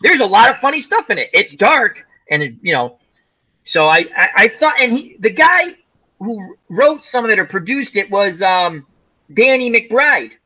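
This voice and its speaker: A man's voice: sits high, moderate pace, husky, highs cut off. A man co-hosting a casual chat show, rambling through stories about movies. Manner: rambling, animated storyteller. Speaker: co-host.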